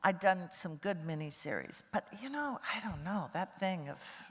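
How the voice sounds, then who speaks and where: An older woman with a low, unhurried speaking voice recounts stories in a candid, wryly amused way. She is a guest in a relaxed interview chat. Her voice carries a long reverb tail, as if from a large hall. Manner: anecdotal storyteller, wry and candid. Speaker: guest actress.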